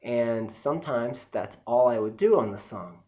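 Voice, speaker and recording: A man's voice: medium pitch, animated, unhurried, a little mellow. A man giving a casual music lesson, chatty and easygoing, with frequent fillers as he explains technique. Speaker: music teacher. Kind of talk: casual instructional talk.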